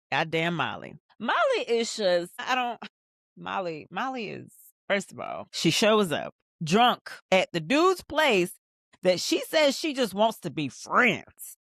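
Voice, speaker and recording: A woman hosting a TV show rewatch, recapping scenes in a rambling, animated, profane way. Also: mid-range voice, no echo, studio quality. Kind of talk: casual episode recap and commentary.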